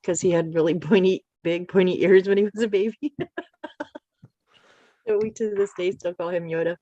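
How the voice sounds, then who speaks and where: A woman on a casual chat show, giggling often and tossing in quick joking remarks. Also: lowish voice, steady tone, mellow, dry recording, highs cut off.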